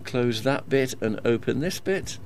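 A man's voice: medium pitch, animated, a little slow, darkish tone, slight background noise. A man presenting a casual radio show, chatting with co-hosts and reading out listener messages, often chuckling. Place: radio studio.

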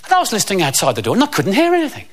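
A man telling a stand-up comedy anecdote in an animated way, acting out the characters as he goes. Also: high-pitched, rapid-fire. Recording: loud background noise.

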